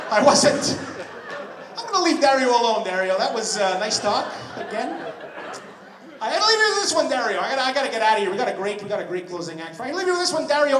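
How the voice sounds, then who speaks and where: A high, lively male comic rambles and swears through a stand-up set. His voice bounces around an echoey club, caught from some distance off the mic. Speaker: stand-up comedian. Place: comedy club stage.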